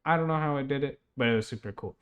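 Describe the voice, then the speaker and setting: A man's voice: medium pitch, very fast, highs cut off. A young man casually retelling a strange dream, rambling with lots of fillers and laughs. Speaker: podcast host.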